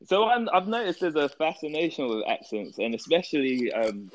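A man's voice: fairly high pitch, big pitch swings, normal speed, poor audio. An English man co-hosting a podcast, chatting casually and joking. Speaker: podcast co-host. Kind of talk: casual chat.

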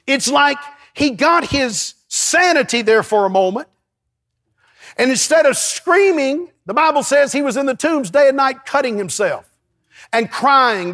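A man preaching with a strikingly high voice, fervent and rising to shouts at his peaks. He sounds middle-aged and calls out to the congregation as he preaches. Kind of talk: sermon.

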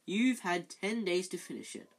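A reader voicing a studious, bossy teenage schoolgirl who speaks clearly and severely. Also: mid-range voice, big pitch swings, moderate pace, voice pushed up. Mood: insistent.

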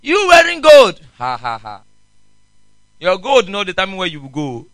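A man mimicking a zealous bus preacher who loudly scolds a woman passenger. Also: sits high, wildly swooping pitch, normal speed, no echo, exaggerated voice. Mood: scolding.

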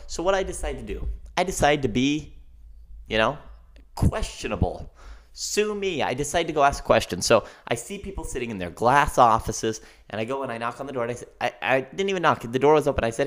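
A young man hosting a podcast, telling a story in an animated, ranting monologue and often asking "okay?". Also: mid-range voice, fairly quick. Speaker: podcast host.

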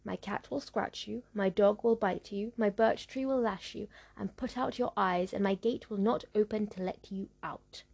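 A woman's voice: medium pitch, normal speed, creaky, hardly any pauses, darkish tone. A woman reading a commanding old storybook witch. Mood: menacing. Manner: commanding threats.

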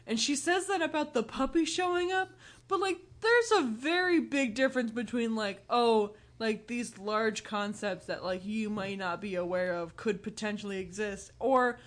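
A woman's voice: fairly high pitch, moderate pace. Chatty young woman recapping a movie. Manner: animated retelling with laughing asides. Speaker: podcast co-host. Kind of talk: casual chat reviewing a movie.

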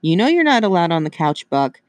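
A man voicing a kind, upbeat young woman veterinarian in her late twenties, with a calm, reassuring manner. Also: on the high side, brisk, no echo.

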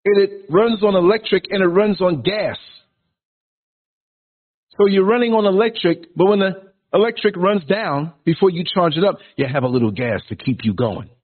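A man's voice: on the high side, husky. A man on a call-in show giving an earnest, preachy, musing monologue. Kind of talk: philosophical monologue. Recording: tinny phone line.

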